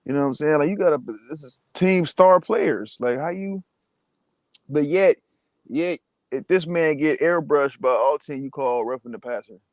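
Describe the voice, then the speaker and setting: A man appearing as a guest, talking casually and with animated exasperation. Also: fairly high pitch, moderate pace, no echo. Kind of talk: casual chat.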